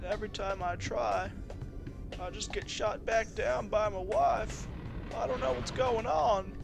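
A man's voice: sits high, fairly even intonation, a little slow, vocal fry, over music. A man giving casual, rambling, self-deprecating commentary while playing a video game. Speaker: let's play host.

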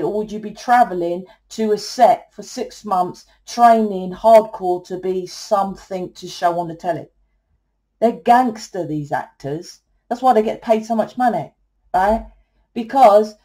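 A woman's voice: medium pitch, dark tone. A middle-aged woman, giving a blunt, salesy tarot reading and swearing freely. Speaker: tarot reader and spiritual coach. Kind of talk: casual tarot reading monologue.

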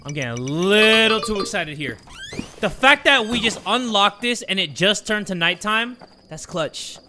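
A young man giving excited gameplay commentary, swearing often and talking to his viewers, swinging between hyped yelling and muttered counting. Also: high-pitched, moderate pace, slight background noise. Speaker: gaming YouTuber.

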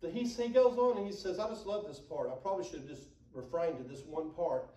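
A man preaching a sermon, building to emphatic declarations and dropping low to act out asides. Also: fairly quick, mellow. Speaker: pastor. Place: church sanctuary. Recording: echoey church room, mic far off.

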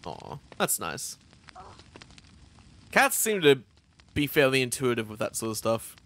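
A man's voice: mid-range voice, wildly swooping pitch, measured pace, a bit bright. A young man streaming a game at home, chatting casually, swearing a lot and laughing often as he rambles through stories.

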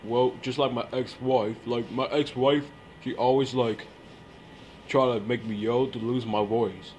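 A man's voice: mid-range voice, fairly even intonation, unhurried, a little mellow, a little hiss or hum, close to an everyday voice, low-quality recording. A man voicing a casual, laid-back male friend in a puppet parody skit.

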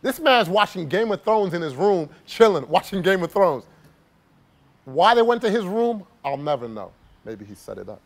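A man's voice: high voice, very animated, moderate pace. A man casually telling a personal story to camera as a travel vlogger, rambling and filling his talk with "like". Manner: rambling, heavy use of "like", laughs while telling.

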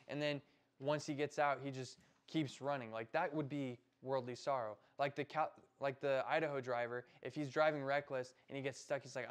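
A man's voice: mid-range voice, steady tone, fairly quick. A young American man preaching a casual sermon to middle schoolers, talking in a loose, conversational way and often tagging "right?" onto his points. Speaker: youth pastor.

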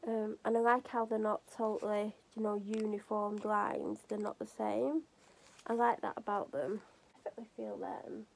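Chatty British woman with a gravelly voice. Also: medium pitch, flat delivery, normal speed. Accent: British English. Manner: rambling, chatty and hyper. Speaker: vlogger. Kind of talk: chatty home vlog. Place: home kitchen.

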